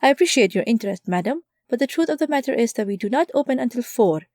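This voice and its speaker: A woman's voice: a little high, lively intonation, fast talker, darkish tone, no echo, clean studio sound, pitched above the performer's own voice, close to an everyday voice. A woman doing a polite, formal waiter man. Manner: formal, courteous.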